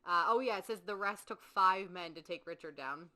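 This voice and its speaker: A woman's voice: fairly low pitch, moderate pace, pushed and bright. A woman co-hosting a podcast in casual true-crime chat, talkative, swearing freely and acting out quotes. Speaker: podcast co-host.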